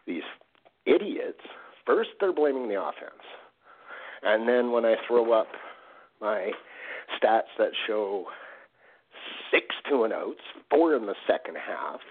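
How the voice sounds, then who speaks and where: A man's voice: lowish voice, slightly rough. A man on a podcast ranting with profane indignation over a phone line. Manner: profane, indignant, slow-paced. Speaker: podcast co-host. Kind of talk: angry sports rant. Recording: tinny phone-line sound.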